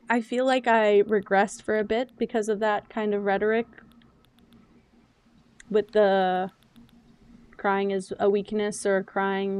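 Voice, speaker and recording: A young woman streams a game and talks casually and candidly the whole time, animated, chatty, and by her own account loud and yappy. Her medium-pitched voice has a clear, resonant tone.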